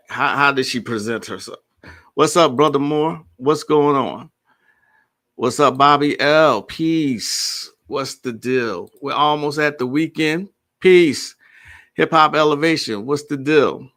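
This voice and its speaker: A man's voice: medium pitch, sharp tone. A man hosting a casual livestream, greeting viewers and chatting. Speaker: host.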